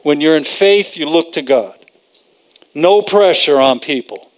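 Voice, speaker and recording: A man's voice: a little high, animated, unhurried. A man preaching a conversational sermon, repeating phrases for emphasis and quoting scripture.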